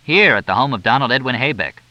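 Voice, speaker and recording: A man's voice: medium pitch, animated, fast talker, sharp tone, dry recording, pitched above the performer's own voice. A man doing a curt, exasperated newspaper boss. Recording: dull lo-fi dry recording.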